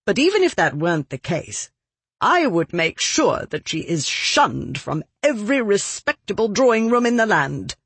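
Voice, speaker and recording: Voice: medium pitch, very animated, moderate pace, fairly bright tone, husky, pitched above the performer's own voice, full character voice. An audiobook reader voicing a haughty, indignant older noblewoman who scolds with scorn. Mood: scornful. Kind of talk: audiobook character reading.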